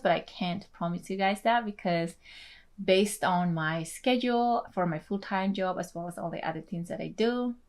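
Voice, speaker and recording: Gushing and laughing often, a young adult beauty vlogger whose native language is Tetum talks excitedly through an unboxing video in a mid-range voice.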